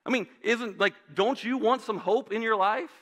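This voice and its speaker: Bright, high-voiced pastor preaching casually. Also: male voice, moderate pace. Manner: conversational, uses asides and rhetorical questions. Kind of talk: sermon. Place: church sanctuary.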